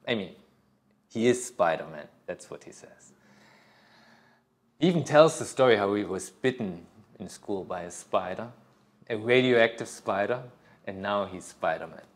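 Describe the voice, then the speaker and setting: A man's voice: lowish voice, a little slow, pauses often. Man giving a rambling yoga workshop talk. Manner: relaxed, rambling, with many fillers and restarts. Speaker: yoga teacher.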